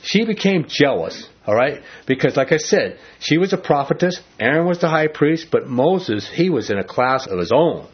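Husky man teaching the Bible. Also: fairly high pitch, normal speed, few pauses, lo-fi sound. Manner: animated, conversational, acts out quotes. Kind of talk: casual Bible study teaching.

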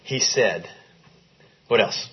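A man leading a Bible study, reading scripture aloud and putting questions to a small group in the room. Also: slow pace. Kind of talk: interactive Bible teaching. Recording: dull lo-fi recording.

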